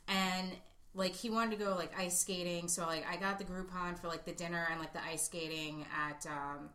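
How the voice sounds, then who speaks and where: A woman's voice: on the low side, steady tone, moderate pace, pushed and bright, reverberant, a little hiss or hum. A woman in casual chat, chatty and self-mocking, filling her talk with "like".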